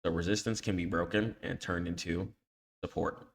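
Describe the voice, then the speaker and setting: A man's voice: deep voice, fairly even intonation, moderate pace, gravelly. A man teaching trading on a chart, talking in casual slang and tagging "okay?" onto nearly every point. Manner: scolds emphatically when warning against emotional trading. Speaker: trading educator. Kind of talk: screen-share chart tutorial.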